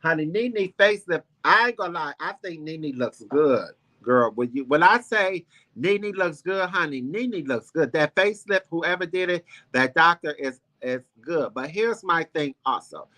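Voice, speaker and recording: A man's voice: on the high side, lively intonation, moderate pace, sharp tone. A man hosting a celebrity gossip livestream, chatting sassily with his viewers, calling them girl and honey, rambling with ums and restarts. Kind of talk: casual chat with live viewers.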